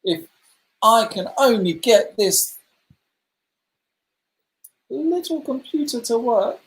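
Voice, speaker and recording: An encouraging man hosts a letter-guessing game for a children's club over a video call. His pitch jumps around animatedly while his pace stays slow and unhurried. The sound carries a roomy echo. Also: expressive. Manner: chatty and encouraging, praising players by name.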